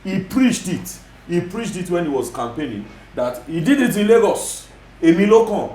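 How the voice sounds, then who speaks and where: This guest commentator on a TV studio interview is a Nigerian man with a Yoruba accent whose high, slightly mellow voice is very animated at a normal speed. He hammers home his arguments, repeating them and weaving in Yoruba. The audio has a roomy feel.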